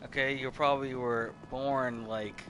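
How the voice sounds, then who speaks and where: A man's voice: fairly low pitch, steady tone, normal speed, bright, forceful tone, slight background noise. A man in his thirties giving casual gameplay commentary, rambling and swearing freely, often restarting his sentences. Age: 30s. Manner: rambling, profane, self-interrupting. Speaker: gameplay streamer.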